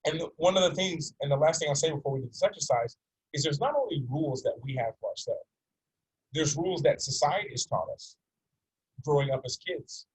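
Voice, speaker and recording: Man in his forties, coaching session, very husky voice, fairly high pitch, earnest. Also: a little fast, poor audio. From North America. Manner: earnest and repetitive, tells stories to make his points. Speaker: life coach.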